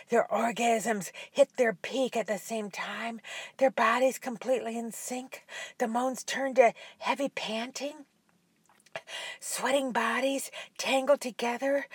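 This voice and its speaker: Woman reading an adult audio story, slow and breathy, goes soft and whispery, really dry close sound. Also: a little high, no echo. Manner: soft, drops at times to a whisper. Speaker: narrator.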